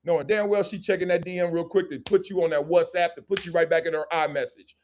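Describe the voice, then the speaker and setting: A middle-aged man hosting a live show, commenting on sports and culture in a joking, animated way and acting out quick skits. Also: fairly high pitch, a little hiss or hum. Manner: animated and joking, slips into quick acted-out skits with different voices. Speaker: host.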